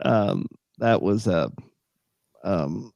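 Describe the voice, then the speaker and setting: Man, middle-aged, gravelly, mellow tone, rambling casual chat with lots of fillers. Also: deep voice, expressive, very slow, no room sound, studio quality. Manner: rambling, many fillers and restarts. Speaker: podcast co-host.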